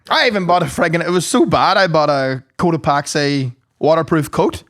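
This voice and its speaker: A man's voice: on the high side, moderate pace, a bit bright, no echo, clean studio sound. A young man, co-hosting a podcast, telling sweary stories in casual chat and laughing often. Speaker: podcast co-host.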